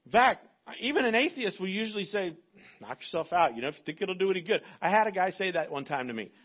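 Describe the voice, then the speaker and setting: A man preaching a sermon as pastor, animated and acting out little dialogues in different voices. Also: high voice, fast, lo-fi sound.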